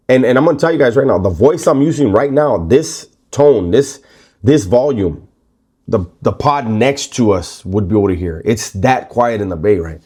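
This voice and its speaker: A man's voice: on the low side, normal speed, breathy edge. Laid-back man spinning a prison story. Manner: relaxed, rambling, heavy slang and swearing. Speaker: storyteller recounting prison life. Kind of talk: casual spoken storytelling.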